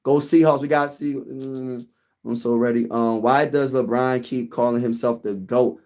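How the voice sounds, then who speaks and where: A young man hosting a casual sports livestream, reading comments aloud and chatting excitedly with viewers. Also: mid-range voice, unhurried. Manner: excitable, talks to viewers as "y'all", sings snippets.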